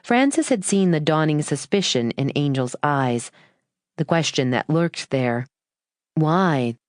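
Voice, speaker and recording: Woman narrator for an audiobook, low-pitched and measured, earnest and unhurried, dry close sound. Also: animated, no echo.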